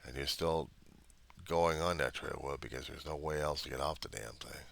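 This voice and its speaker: A man's voice: a bass voice, fairly even intonation, moderate pace, gravelly, fairly bright tone. A man venting in a personal diary monologue, angry, rambling and profane. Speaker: diarist.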